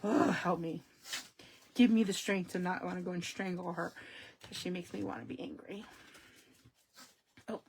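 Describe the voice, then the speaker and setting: A woman hosting a casual crafting live stream, talking straight to her viewers with sudden loud exclamations and hushed asides. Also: on the low side, steady tone, normal speed, vocal fry, long pauses, slight background noise.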